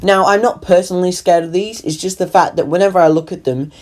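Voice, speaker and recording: A man's voice: sits high, fast talker, a little mellow. A young man narrating a comic animation in a rambling, self-deprecating way. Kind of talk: comedic voice-over narration.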